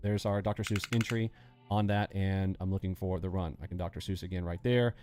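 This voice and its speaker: A man hosting a live day-trading lesson, animated and acting out panicking traders with sound effects as he explains. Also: low-pitched, fairly quick, music in the background. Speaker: day trading instructor and host.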